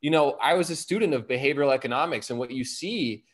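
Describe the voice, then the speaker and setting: Man, comedian guest, mid-pitched, earnest and explanatory. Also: quick pace. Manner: earnest, explanatory, with casual fillers. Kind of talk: casual conversation.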